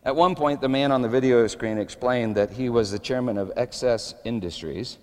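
A middle-aged male pastor telling a story in a sermon, building up to shouts. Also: medium pitch, moderate pace, hardly any pauses, long reverb tail.

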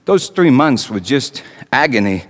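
An actor playing a young carpenter in a dramatic stage monologue, talking in a conversational way with wry asides and stammered repeats. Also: male voice, medium pitch, big pitch swings, measured pace. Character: Joseph the carpenter, young man, wry and anguished. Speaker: actor in a one-man monologue. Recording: long hall reverb.

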